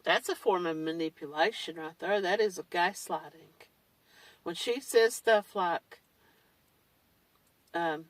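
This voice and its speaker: A woman's voice: on the low side, measured pace, no room sound, distant mic, poor audio. A woman talking in a blunt, candid way, with mild swearing, in a casual monologue. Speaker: survivor vlogger. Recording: dry, set back from the mic.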